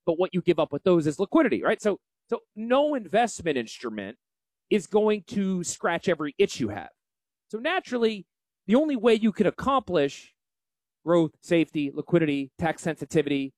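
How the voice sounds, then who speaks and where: Loud salesy yankee guy pitching finance stuff, voice jumps all over, dry close mic. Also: dry recording. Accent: Northeastern US. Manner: brash, salesy, fast-talking, folksy. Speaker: financial advisor and show host. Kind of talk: promotional radio talk.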